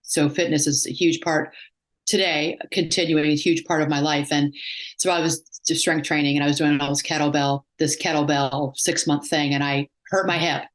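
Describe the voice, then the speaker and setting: A woman's voice: deep voice, moderate pace. A woman psychotherapist and life coach talking in a casual interview, telling stories and acting out the voices of people she quotes. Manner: animated storyteller, acts out quoted voices.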